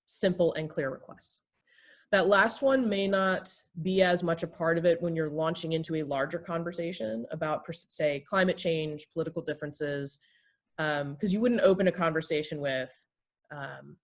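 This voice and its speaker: A woman therapist and pastor teaches the basics of calm communication. She acts out short everyday exchanges to show her points. Her voice sits fairly low. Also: moderate pace. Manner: explains with acted everyday examples.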